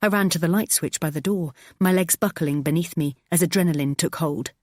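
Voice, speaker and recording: A woman reading a first-person thriller audiobook, tense and expressive. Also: low voice, fairly quick, no room sound, studio quality. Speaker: audiobook narrator.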